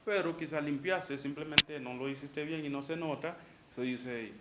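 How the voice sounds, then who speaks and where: A man's voice: a little high, fairly quick. A man whose first language is Spanish, teaching English in a casual way and repeating each example sentence. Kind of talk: bilingual English lesson. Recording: echoey room, faint background noise.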